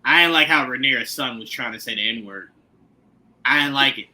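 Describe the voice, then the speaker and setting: A man hosting a casual TV recap chat, animated and joking, often slipping into comic impressions. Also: medium pitch, fairly quick, rough recording. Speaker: podcast host.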